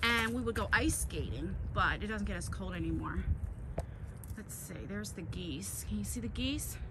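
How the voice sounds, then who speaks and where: A woman's voice: medium pitch, animated, moderate pace. A woman chatting casually in a vlog, first in a car and then on a walk by a lake, recorded on a phone, rambling and laughing at herself. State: out of breath while walking. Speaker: vlogger. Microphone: phone camera, then selfie stick. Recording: noisy car and outdoor recording.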